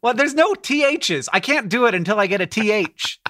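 A man's voice: high-pitched, expressive, brisk, bright, forceful tone, no room sound, clean studio sound. A man co-hosting a casual comedic podcast, playful and giggly. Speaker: podcast co-host.

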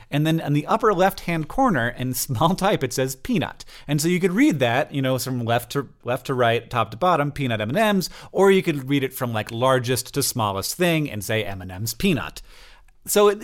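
A man's voice: on the high side, very animated, normal speed. A man co-hosting a podcast in casual chat, explaining his points with many fillers and restarts. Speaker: podcast co-host.

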